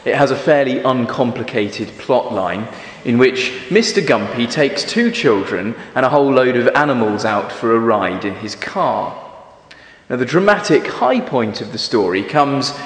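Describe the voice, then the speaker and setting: A man preaching a sermon in a church, speaking in an expressive, measured storytelling manner. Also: medium pitch. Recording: echoey church with long reverb.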